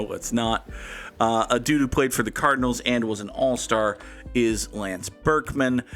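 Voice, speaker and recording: A man streams a game and chats casually, with a playful, joking manner and a mid-pitched voice. He talks to his viewers as he plays. Soft music runs faintly underneath. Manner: playful, jokey, reads and answers chat. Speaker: streamer and host. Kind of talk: casual live-stream chat while playing a game.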